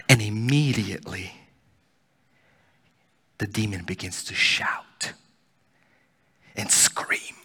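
A man preaching a sermon as pastor, swinging between loud pleading and hushed near-whispers. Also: medium pitch, husky. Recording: church hall reverb.

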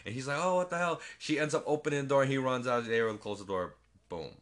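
A man talks through a movie plot in loose, rambling podcast chat. He swears freely and breaks into quick impressions of the characters. His voice sits at an ordinary male pitch. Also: lively intonation. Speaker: podcast co-host. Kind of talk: casual movie recap chat.

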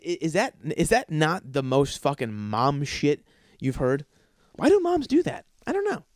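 A man's voice: a little high, no room sound, studio quality. A man hosting a comedy podcast, ranting in an exasperated, profane, rambling way. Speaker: podcast host. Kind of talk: comedic rant.

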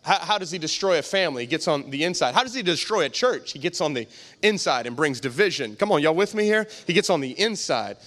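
Pastor, male, emphatic sermon delivery, high voice, asks the room questions. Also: lively intonation, fast, fairly bright tone. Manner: emphatic, repetitive, rhetorical questions.

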